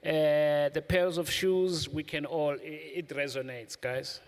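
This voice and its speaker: A man's voice: fairly high pitch, fairly even intonation, slow pace. A man hosting an event, chatting loosely with many fillers. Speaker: event host. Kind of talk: casual hosting.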